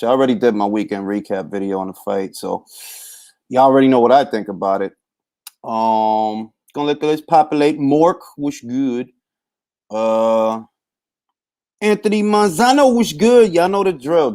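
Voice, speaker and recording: Male live-stream host, easygoing chat, mid pitch. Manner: laid-back, shouts out viewers by name.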